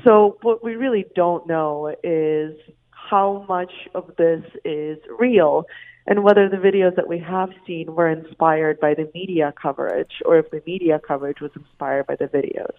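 A woman journalist, a guest on a radio show, explaining a story in a measured way with some ums. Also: deep voice. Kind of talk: phone interview. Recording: phone line.

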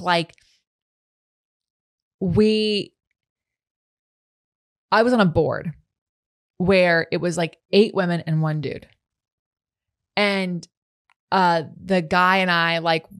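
A woman's voice: fairly low pitch, dry recording, studio quality. Give me a woman podcast host, casual and reflective, talking things through as she goes. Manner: reflective, thinks aloud with many "like" fillers and restarts. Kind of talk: casual conversational interview.

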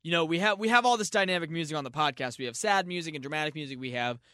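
An American man on a comedy podcast, talking in a rambling, jokey way with a bright, forceful tone and a slightly high voice. The sound is close and dry, with faint music underneath. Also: clear, resonant tone, no echo. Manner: rambling, jokey, quick to riff. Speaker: podcast co-host. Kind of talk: casual comedic chat.

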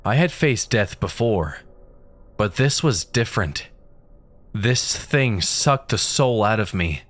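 A man narrating a first-person horror story in a steady, grim telling. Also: fairly low pitch, takes it slowly.

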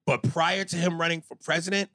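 A man co-hosting a podcast, in casual chat, recounting scenes with animated delivery. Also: fairly high pitch, a little fast, dry recording, studio quality. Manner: animated storyteller who acts out quotes. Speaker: podcast co-host.

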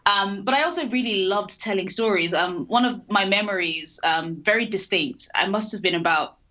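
A woman's voice: medium pitch, moderate pace, highs cut off. A woman raised in Nigeria and the UK, a guest in a casual interview, telling her stories with animation and frequent laughter. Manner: animated storyteller, laughs often.

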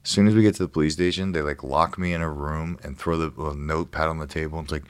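A man's voice: very deep voice, fairly even intonation, fast talker, few pauses, dry recording. A man in his thirties, a guest on a podcast, telling a story in casual, profane talk and acting out the quotes. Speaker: guest, professional fighter.

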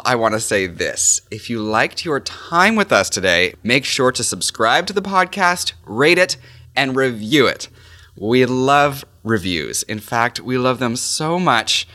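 A man's voice: mid-range voice, very animated, takes it slowly, sharp tone, no echo. A man hosting a podcast, chatting playfully and effusively with guests and laughing easily. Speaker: podcast host. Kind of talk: casual interview chat.

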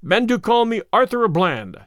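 A man's voice: sits high, big pitch swings, normal speed, vocal fry, fairly bright tone, no echo, studio quality, exaggerated voice. A man voicing a stout, bold tanner who speaks bluntly and grimly in archaic phrases. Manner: blunt, grim archaic speech.

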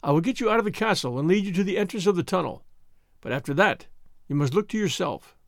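Jailer: scheming, quiet-spoken, storybook reading by a male narrator, close dry mic. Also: high voice, expressive, creaky, dry recording. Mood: guarded. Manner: quiet and measured.

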